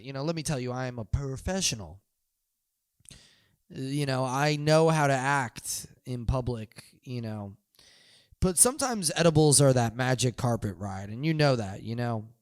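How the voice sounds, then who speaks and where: A young man hosting a podcast, telling a long rambling story full of "you know" and sudden loud drawn-out yells. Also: mid-range voice, clean tone, dry recording, clean studio sound. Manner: loose, meandering, swings into loud drawn-out yelled bits. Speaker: podcast host.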